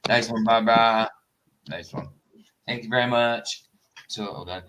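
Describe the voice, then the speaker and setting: A man's voice: mid-range voice, a little slow, noisy background. Joking man chatting casually on a stream. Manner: joking, laughs often, wanders off mid-sentence. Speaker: livestream host. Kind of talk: casual chat.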